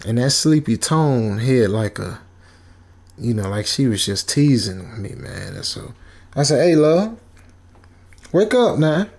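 Gravelly, laid-back male storyteller. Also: lowish voice, measured pace, a little mellow. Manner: loose, rambling, laid-back, with many fillers. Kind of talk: comedic horror story retelling.

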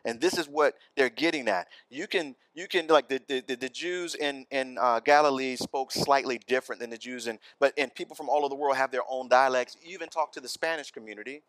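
A man's voice: medium pitch, brisk, few pauses, fairly bright tone, dry recording. A man preaching a sermon in church, conversational and often asking the congregation questions. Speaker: pastor.

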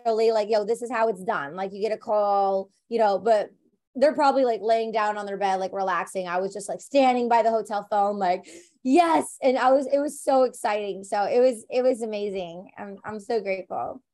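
A woman's voice: medium pitch, a little fast, mellow. Woman, actress guest, chatty interview talk, filler-heavy, enthusiastic. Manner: chatty, frequent "like" and "you know". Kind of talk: conversational interview.

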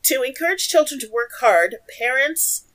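A woman's voice: high-pitched, animated, normal speed, fairly bright tone, poor audio. A woman co-hosting a casual podcast, reading notes aloud, laughing often and stumbling over foreign names. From Oregon, USA. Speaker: podcast co-host.

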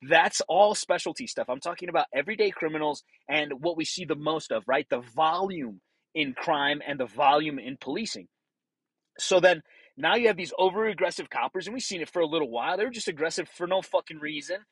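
A blunt, profane middle-aged man talking through his years as a police officer, acting out the voices of the people he dealt with. His voice is husky and sits a little high. The sound is dry and close, with no room echo. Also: brisk, fairly bright tone. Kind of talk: casual monologue.

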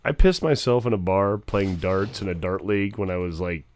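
A man's voice: deep voice, normal speed, a little mellow. A man from rural America hosting a podcast in casual chat, wry and self-deprecating with joking asides. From rural United States. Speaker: podcast host.

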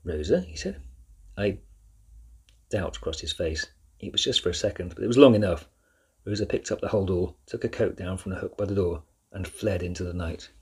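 A man narrating a children's novel chapter by chapter in a measured, steady reading. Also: low-pitched, slightly rough. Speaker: audiobook narrator. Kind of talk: scripted storybook narration.

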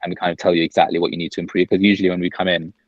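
A man, a business-owner guest on a podcast, telling stories in a quick, chatty way full of "like" fillers, recorded over a call from his office. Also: sits low, level tone, no room sound, highs cut off. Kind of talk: casual podcast conversation.

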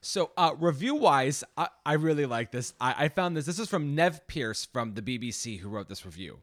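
A man's voice: mid-range voice, normal speed, no echo, studio quality. A man co-hosting a casual movie podcast, talking through cast and box office figures with his wife, swearing now and then. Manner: animated, swears casually, reads out stats. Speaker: podcast co-host.

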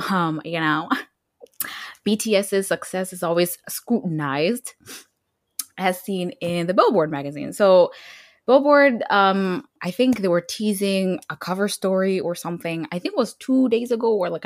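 A woman's voice: on the low side, moderate pace, dry recording, studio quality. A woman co-hosting a podcast in casual chat, laughing and filling her talk with "like" and "um". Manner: laughing, chatty, lots of fillers. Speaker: podcast co-host.

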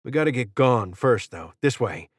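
A man's voice: medium pitch, animated, normal speed, no echo, clean studio sound, close to an everyday voice. A man voicing a wounded, wry male soldier in an audiobook, terse and short of breath. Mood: gruff.

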